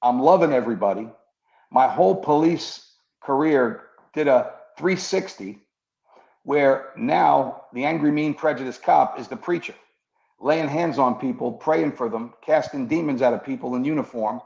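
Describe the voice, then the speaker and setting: Gravelly ex-cop telling his testimony. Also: medium pitch, normal speed, a little mellow. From New York. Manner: earnest storytelling, acts out quoted dialogue. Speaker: guest, former police officer turned preacher. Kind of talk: personal testimony in an interview. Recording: muffled echoey room.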